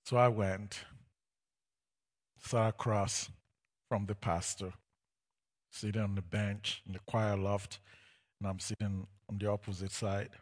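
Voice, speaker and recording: Slow-paced man telling a church testimony. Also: on the low side, level tone. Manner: storytelling, slow, builds to loud emphatic peaks. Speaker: preacher sharing his testimony. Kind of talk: sermon testimony.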